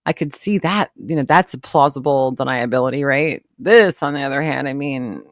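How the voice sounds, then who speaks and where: A woman's voice: a bass voice, moderate pace, hardly any pauses, dry recording, clean studio sound. A woman reacting live to clips, blunt and sarcastic, swearing freely as she comments.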